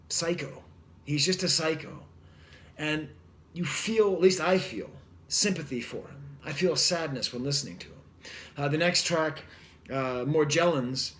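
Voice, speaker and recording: Man, fairly high voice, casual record review, rambling, wry, lots of fillers. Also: fairly bright tone.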